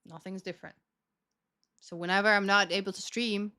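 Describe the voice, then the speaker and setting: A woman's voice: mid-range voice, steady tone, normal speed, pushed and bright. A young woman streaming, chatting casually to her viewers, self-mocking and laughing often as she acts out conversations.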